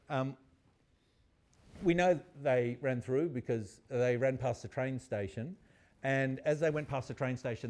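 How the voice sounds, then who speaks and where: A male university lecturer telling a story in a lively, chatty way. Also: mid-range voice.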